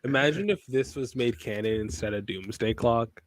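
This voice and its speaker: A man's voice: mid-range voice, moderate pace. Male guest, hesitant, trails off, faint noise on his line, casual chat.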